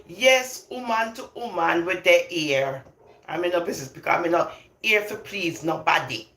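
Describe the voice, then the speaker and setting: Older lady ranting on her vlog, bright lively voice, laughs a lot, echoey room. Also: on the low side, moderate pace. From London, England. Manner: emphatic, animated, laughs often between points. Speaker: vlogger. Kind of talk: opinionated casual monologue. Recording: roomy echo.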